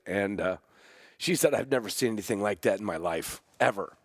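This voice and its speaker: A man hosting a podcast, telling a personal story about his dog in a rambling, halting way, with many restarts. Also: on the low side, no echo, clean studio sound. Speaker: podcast host; hunting dog trainer.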